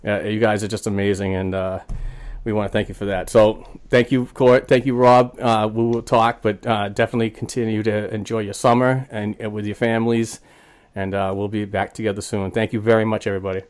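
A man's voice: on the low side, brisk, clean tone. A man hosting a hockey podcast, telling stories in casual chat with lots of fillers. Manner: animated storyteller, frequent fillers. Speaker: podcast host.

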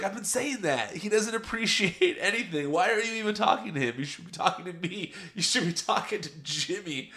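Bright-voiced man chatting through a recap. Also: medium pitch. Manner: chatty, laughs often while telling. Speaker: podcast host. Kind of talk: casual wrestling show recap.

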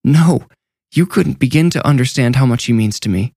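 A man voicing a desperate young nurse who sobs and pleads in a high, tearful voice. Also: steady tone, fairly quick, gravelly, darkish tone, no echo, clean studio sound. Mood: sobbing.

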